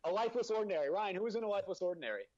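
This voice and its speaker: A man's voice: high-pitched, expressive, very fast, a little mellow, lo-fi sound. A man co-hosting a podcast, ranting and teasing his friends in casual banter, often repeating himself. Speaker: podcast co-host.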